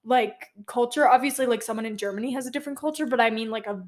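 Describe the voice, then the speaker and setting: A teenage woman co-hosting a podcast, relaxed and agreeable, telling stories with many fillers. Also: on the high side, quick pace. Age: teens. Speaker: podcast co-host. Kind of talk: casual chat.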